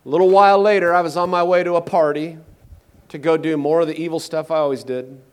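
A man preaching in a sermon, his voice sitting a little high for a man. He talks with strong emphasis, rising into loud declarations and then dropping to near hushes. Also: fairly even intonation, quick pace, clear, resonant tone. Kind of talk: sermon testimony.

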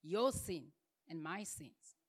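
A woman's voice: fairly low pitch, animated, slow. A woman preaching a sermon, building her points through emphatic repeated refrains.

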